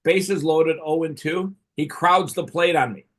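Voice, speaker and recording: A middle-aged man with a husky voice spins a casual, profanity-laced yarn. He talks loosely and chuckles through the telling, like a podcast host swapping stories. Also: a little high, a little slow. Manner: profane, laughing storyteller. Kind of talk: casual storytelling.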